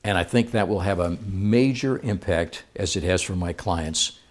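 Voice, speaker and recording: A man's voice: deep voice, normal speed. A man speaking to a live seminar audience, playful and engaging, asking the crowd questions as he goes.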